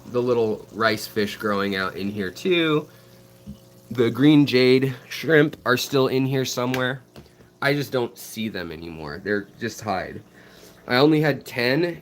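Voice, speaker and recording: A man's voice: mid-range voice, a little hiss or hum. An American man hosting a fishkeeping live stream, rambling casually with lots of ums and restarts while he answers viewer messages beside his aquarium tanks. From United States.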